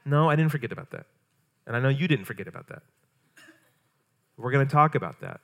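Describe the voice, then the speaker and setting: A man's voice: on the high side, lively intonation, fast talker, vocal fry, long pauses, a bit bright. A man, a pastor, preaching a sermon in a conversational way, full of rhetorical questions.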